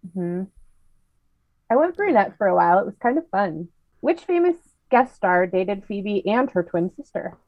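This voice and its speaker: A woman's voice: medium pitch, sing-song, normal speed, no room sound, muffled recording. A woman co-hosting a podcast in casual chat, chatty and giggly as she quizzes her co-host.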